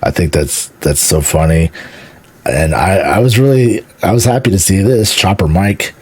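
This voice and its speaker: A deep-voiced man from Houston, Texas, talks through a game trailer as a streamer, eager and rambling, tripping over repeated words and swearing casually. His voice has a husky, grainy edge and sits close and dry with no room sound. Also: moderate pace, dry recording. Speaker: gaming streamer. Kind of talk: casual trailer reaction commentary.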